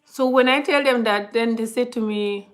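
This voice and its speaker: A woman's voice: on the high side, normal speed. Chatty woman telling a story to viewers. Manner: chatty, talks a lot; animated retelling, often addresses viewers. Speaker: vlogger on a live stream. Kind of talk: casual storytelling chat.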